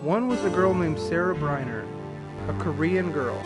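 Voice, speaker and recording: A young man with a fairly high voice and lively intonation speaks at normal speed while streaming a game over loud game music. His live gameplay commentary rambles through candid stories, and he swears freely.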